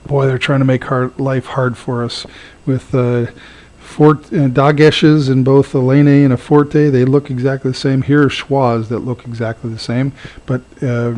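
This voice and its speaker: A man teaching a recorded lesson, halting with frequent fillers and repeating words slowly to model their sound. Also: medium pitch, flat delivery, darkish tone. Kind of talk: recorded lecture.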